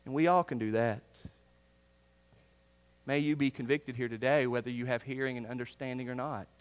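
A male pastor preaching a sermon, earnest, swinging from loud emphasis down to hushed, near-whispered lines. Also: medium pitch, steady tone, normal speed, clear, resonant tone. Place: church sanctuary. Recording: long reverb of a church hall.

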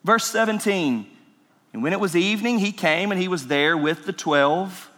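High-voiced man preaching a sermon. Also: expressive, normal speed. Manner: emphatic preaching, swings between loud and hushed. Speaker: pastor. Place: church sanctuary. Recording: reverberant church hall.

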